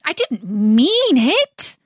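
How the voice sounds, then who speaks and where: A woman's voice: fairly high pitch, big pitch swings, slow pace, no echo, clean studio sound, pitched above the performer's own voice, heavily acted. A woman voicing Alice, a polite and eager young girl, in a storybook reading, raising her voice above her narration. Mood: pleading. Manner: earnest, pleading.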